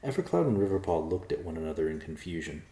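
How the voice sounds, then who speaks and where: A man narrating a storybook aloud in an expressive way. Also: low-pitched, fast talker. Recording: roomy echo.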